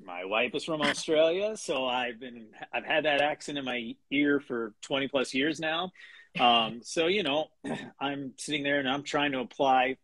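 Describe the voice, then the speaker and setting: A middle-aged man with a husky, slightly breathy voice talks as an interview guest. His speech is halting, full of restarts and fillers, with the odd chuckle. The sound is close and dry, with no room echo. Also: mid-range voice, fairly bright tone. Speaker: guest, animation writer. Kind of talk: casual interview chat.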